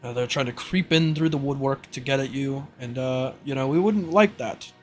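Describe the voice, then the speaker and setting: A man voicing a smooth, scheming male official who reassures. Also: mid-range voice, normal speed, faint music behind, close to an everyday voice. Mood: reassuring.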